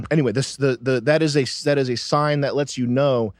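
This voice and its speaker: A man hosting a casual podcast, ranting with lots of swearing, then settling into quieter musing. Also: mid-range voice, steady tone, moderate pace, no room sound, studio quality. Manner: profane, emphatic, trailing into quiet musing. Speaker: show host.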